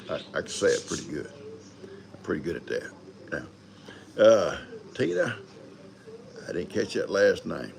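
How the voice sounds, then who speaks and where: A man's voice: low voice, very animated, moderate pace, gravelly, long pauses. An older man hosting a live stream, rambling in a folksy way and greeting viewers one by one. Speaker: livestream host. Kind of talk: casual live chat.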